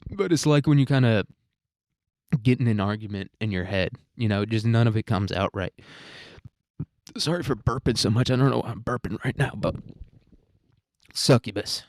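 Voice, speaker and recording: Young man, low voice, dry close sound, rambling solo podcast, crude jokes. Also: moderate pace, no room sound. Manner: rambling, self-deprecating, crude humor. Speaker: podcast host.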